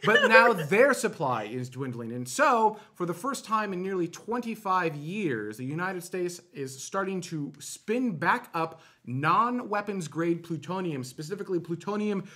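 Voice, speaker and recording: A man's voice: high-pitched, expressive, unhurried, hardly any pauses, sharp tone. A man co-hosting a live online space show, chatting casually and explaining space news with plenty of fillers and restarts. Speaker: show co-host.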